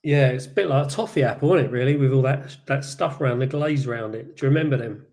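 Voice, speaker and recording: A man's voice: mid-range voice, fast, darkish tone. Dry-humored man telling a story. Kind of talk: casual group chat.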